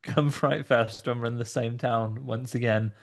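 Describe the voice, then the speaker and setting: A man's voice: medium pitch, steady tone, normal speed, gravelly. A man co-hosting a podcast, casually chatting and spinning silly comic scenarios. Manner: playful, spins silly scenarios. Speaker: podcast co-host. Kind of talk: casual chat.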